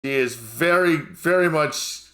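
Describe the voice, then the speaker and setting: A man narrating a tabletop game as game master, relaxed and full of filler uhs. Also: a little high, a little slow.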